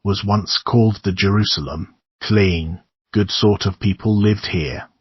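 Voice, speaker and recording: A man voicing a shabby older male neighbor who gives grim, conspiratorial warnings in a low husky voice. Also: unhurried, no echo. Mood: ominous. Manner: conspiratorial warnings, keeps calling the listener son. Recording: dull lo-fi dry recording.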